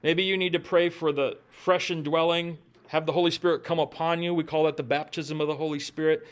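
A pastor delivers a heartfelt sermon in a voice that sits somewhat high for a man. He speaks earnestly and warmly encourages his listeners, leaning into each point with sincere conviction. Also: flat delivery, a little fast, smooth.

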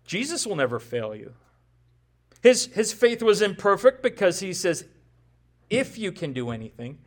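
A man's voice: high-pitched, sing-song, moderate pace. A male pastor preaching a sermon in a conversational way, with rhetorical questions and self-deprecating humor.

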